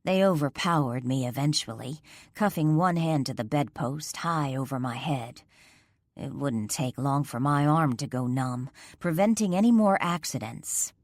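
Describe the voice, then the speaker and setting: A woman's voice: extremely low pitch, unhurried, no echo, clean studio sound. A woman narrating a romance audiobook in the first person, reading in an intimate, emotional storytelling manner.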